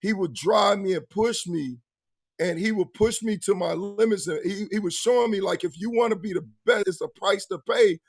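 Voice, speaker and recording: A male talk show host telling stories and asking questions in a lively, slangy way. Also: high-pitched, normal speed, slightly rough. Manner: animated storyteller, slangy. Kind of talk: casual sports talk show hosting.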